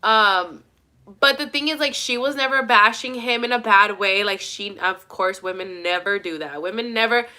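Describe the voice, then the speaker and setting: A woman's voice: mid-range voice, normal speed, pushed and bright. A young woman talking casually to her viewers, rambling and emphatic, swearing a lot. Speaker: vlogger. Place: at her mother's home.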